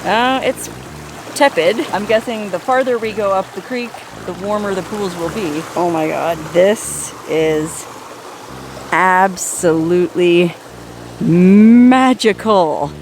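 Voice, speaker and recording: A woman's voice: fairly low pitch, unhurried, background noise. A woman hosting a chatty outdoor travel vlog, recorded on a forest trail by hot springs. She talks with enthusiasm, dry wit and salty humor.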